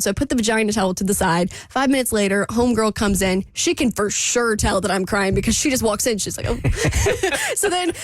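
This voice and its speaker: A woman co-hosting a radio show, telling a self-deprecating story in animated, casual chat. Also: a little high, a little fast, hardly any pauses, no room sound, clean studio sound.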